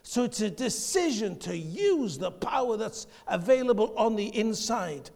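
A man preaching a passionate sermon, shifting between quiet, intimate passages and shouted declarations. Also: high voice, sing-song, a little slow, creaky. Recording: long hall reverb.

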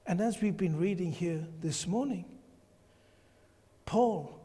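A man's voice: high-pitched, slow pace, mellow, slightly rough. A man preaching a sermon to his congregation, emphatic and repeating his key phrases. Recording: long hall reverb.

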